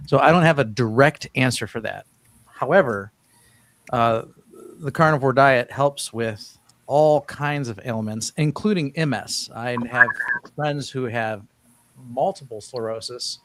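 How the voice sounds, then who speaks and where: A man hosting a casual live-stream chat, rambling a little, restarting phrases and reading viewers' questions aloud. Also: mid-range voice. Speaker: host.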